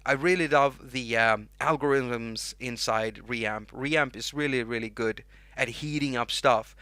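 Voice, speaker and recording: A man's voice: medium pitch, unhurried, pushed and bright, no echo. A young Swedish man with a Swedish accent, hosting an unscripted livestream and talking loosely with restarts while reading chat. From Sweden. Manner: rambling, restarts words, reads chat names aloud. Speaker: livestream host and music producer.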